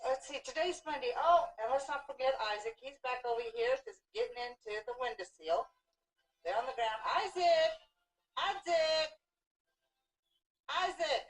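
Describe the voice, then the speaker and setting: A woman's voice: sits high, fairly quick. A woman filming her small children at home, talking to them in a playful, coaxing way. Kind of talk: home video chat. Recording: roomy home video from far off.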